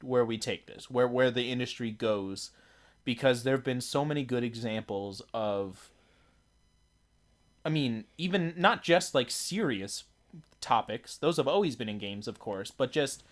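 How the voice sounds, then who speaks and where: A man co-hosting a relaxed talk show, his voice sitting at an ordinary middle pitch. He rambles, circling back with fillers and restarts as he thinks aloud. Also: unhurried. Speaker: podcast co-host. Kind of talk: casual chat about video games.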